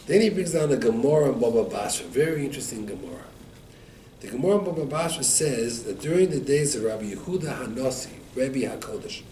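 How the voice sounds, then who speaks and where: A man giving a Torah class, telling stories and acting out each quoted line. His voice sits a little high and swings widely in pitch. He is recorded from some distance in an echoey room, with faint background noise. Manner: animated storyteller, acts out quotes with rising pitch. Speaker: Torah teacher.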